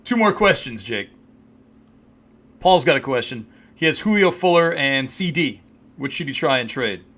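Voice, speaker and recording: A man's voice: mid-range voice, animated, moderate pace, a bit bright. A man co-hosting a casual fantasy football podcast, joking and teasing his partner. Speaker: podcast co-host.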